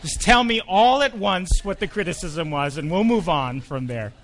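Conversational pastor, slightly high voice. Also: male voice, expressive, moderate pace, a bit bright. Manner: conversational, hesitant with ums. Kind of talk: sermon with humorous story.

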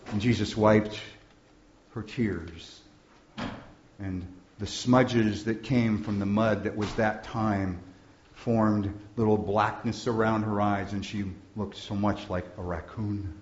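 A man preaching, telling a story slowly and softly, often dropping to a hush. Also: lowish voice, fairly even intonation, slight background noise. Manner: slow, soft-spoken storytelling with hushed passages. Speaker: pastor. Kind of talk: sermon storytelling. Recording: dull, echoey room recording.

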